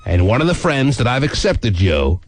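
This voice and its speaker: A man's voice: medium pitch, big pitch swings, normal speed, no echo. A man hosting a radio talk show, teasing and blunt in casual banter.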